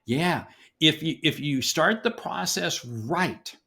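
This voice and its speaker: Animated gravelly older man. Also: on the high side, slow pace. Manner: animated, emphatic, repeats words for stress. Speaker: sales expert guest. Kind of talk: podcast interview.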